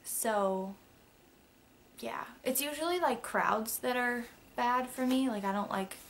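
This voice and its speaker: Young woman vlogger, chatty and rambling, slightly high-pitched, faint room hiss on a camera mic. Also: slow pace. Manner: chatty and rambling, many fillers and asides. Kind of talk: casual facts-about-me vlog.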